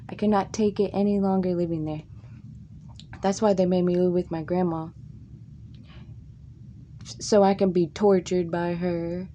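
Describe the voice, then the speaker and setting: A woman from Tennessee telling crude, funny stories from her life in a casual, drawn-out way. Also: steady tone, dark tone, slight background noise. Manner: slow, drawn-out delivery with crude jokes and squeaky put-on quotes. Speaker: comic storyteller. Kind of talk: casual comic storytelling.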